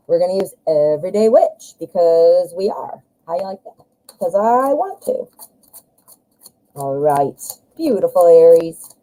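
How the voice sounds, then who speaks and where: A woman's voice: on the low side, mellow, low-quality recording. A woman giving a live-stream tarot reading in a chatty, joking way, calling her viewers hon and my dear. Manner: jokey, self-mocking asides. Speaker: tarot reader.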